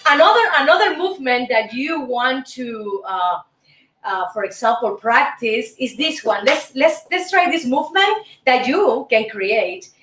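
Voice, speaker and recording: A woman's voice: fairly high pitch, animated, unhurried. A woman, a Spanish speaker, hosting a show and teaching dance steps, counting them aloud and cheering the viewer on. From Cuba. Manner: counts steps aloud, encouraging, repeats herself, bursts of shouting. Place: indoor room. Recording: roomy distant recording with music. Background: dance music.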